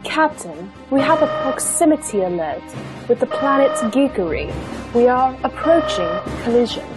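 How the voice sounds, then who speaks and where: A shrill starship officer sounds the alarm, as a man puts on a high voice, over loud music. The announcements come out urgent and clipped, and the pitch swings widely from one word to the next. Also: animated, normal speed.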